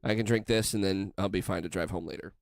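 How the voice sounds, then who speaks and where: A man's voice: sits low, fast, no echo, studio quality. A man co-hosting a casual podcast, chatting loosely while sipping beer. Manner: relaxed, chatty, drinking beer. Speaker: podcast co-host. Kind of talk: casual chat.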